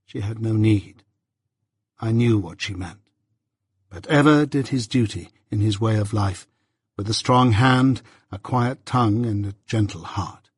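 A man giving a measured, reflective scripted narration of an audiobook. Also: mid-range voice, slightly rough, no echo, studio quality.

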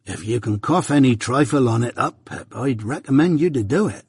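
A man voicing a gentle, simple-hearted blacksmith who talks slowly and solemnly in a confidential way. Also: mid-range voice, lively intonation, husky, no echo, clean studio sound. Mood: earnest worry.

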